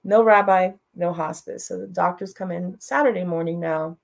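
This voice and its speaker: A woman's voice: fairly low pitch, fairly even intonation, normal speed, creaky. A woman guest in an interview, telling a personal story in a frank, blunt way and laughing through the hard parts.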